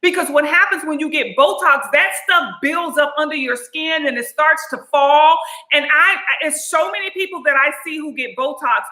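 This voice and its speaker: A woman's voice: high voice, normal speed, bright, forceful tone, roomy sound. A woman vlogger in casual chat to camera, sassy and chatty, calling viewers honey and you guys. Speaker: beauty and lifestyle vlogger.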